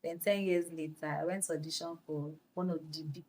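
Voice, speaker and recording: A young Nigerian woman with a Nigerian accent, a guest on a podcast, telling her story in a lively way, slipping into Pidgin phrases and laughing. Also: lowish voice, brisk. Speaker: guest actress. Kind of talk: podcast interview.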